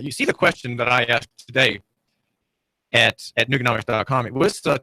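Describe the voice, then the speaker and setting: A man's voice: medium pitch, creaky, bright, forceful tone, no echo, rough recording. A man with a Southern US accent hosting a radio talk show from a small studio, delivering a sardonic, rambling monologue full of fillers and restarts. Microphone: studio mic, streamed on video.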